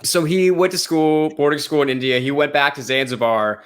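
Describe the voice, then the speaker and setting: A man's voice: a little high, steady tone, normal speed, a bit bright. An American man co-hosting a music podcast, chatting loosely, swearing and joking about his subject. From United States. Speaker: podcast co-host. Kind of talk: casual podcast chat.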